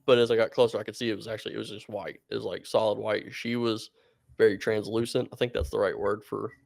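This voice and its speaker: A man's voice: fairly low pitch, flat delivery, fast, vocal fry, darkish tone, dry recording, studio quality. A man co-hosting a podcast, telling stories in a rambling, casual way and laughing often. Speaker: podcast co-host.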